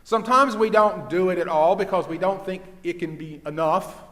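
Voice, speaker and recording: Older pastor in a reverberant church. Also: male voice, high voice, normal speed. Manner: storytelling, with hushed quoted dialogue. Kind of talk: sermon. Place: church sanctuary.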